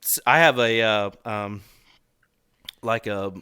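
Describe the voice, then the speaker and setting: A young man recounts a story as a guest on a casual podcast, animated and quick to laugh, with the odd swear word. His voice is bright and forceful, smooth and clean. The close mic keeps it dry, with no room sound. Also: on the low side, dry recording.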